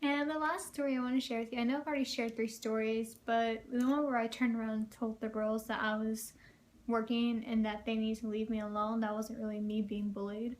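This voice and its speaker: A young woman with a slightly higher voice tells stories from her own life straight to camera. Her delivery is loose and chatty, packed with fillers and broken up by frequent laughs. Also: little pitch movement, a little fast. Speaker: vlogger. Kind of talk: casual storytelling vlog.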